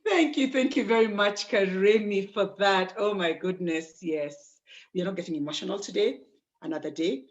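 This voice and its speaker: A woman's voice: mid-range voice, normal speed. A woman giving polite closing remarks on a group video call, thanking listeners often. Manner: warm, polite, with frequent thanks. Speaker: call presenter closing the session. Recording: dull lo-fi call audio.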